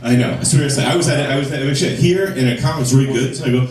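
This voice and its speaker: A man's voice: mid-range voice, fast, recorded from a distance, crowd noise. A man doing a stand-up comedy set on a club stage, telling profane, self-deprecating stories and acting out the dialogue. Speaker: stand-up comic. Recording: echoey club, recorded from afar.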